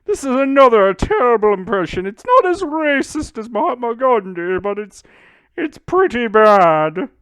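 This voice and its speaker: A man putting on a cheery, theatrical impression of a famous older woman TV cook in a high, swooping voice. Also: very animated, a little slow, fairly bright tone, smooth, no room sound, heavily acted, poor audio. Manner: theatrical, self-mocking.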